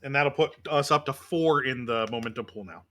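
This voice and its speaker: A man's voice: medium pitch, brisk, fairly bright tone. A man acting as game master of a tabletop role-playing game, explaining rules methodically with many fillers.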